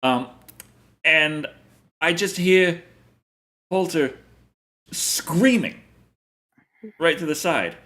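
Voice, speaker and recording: A man's voice: a little high, drawn-out words, long pauses, pushed and bright. A man co-hosting a casual podcast, rambling through a story and laughing often. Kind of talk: casual chat.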